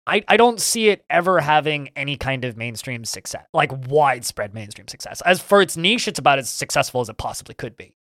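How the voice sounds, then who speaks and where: With a high, sing-song, somewhat bright voice, this podcast co-host talks fairly quickly with few pauses about video games, rambling eagerly and restarting with stammers. The studio sound is clean with no room sound.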